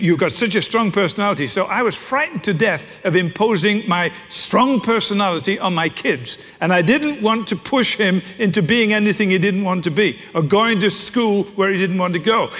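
A middle-aged man preaches with a wry, storytelling touch. His voice sits notably high for a man. A long reverb from a large hall trails each phrase. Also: moderate pace, hardly any pauses, fairly bright tone. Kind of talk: sermon. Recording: echoey hall.

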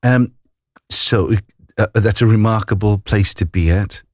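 A man interviewing a guest, asking gentle, thoughtful questions. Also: fairly low pitch, measured pace, no room sound, clean studio sound.

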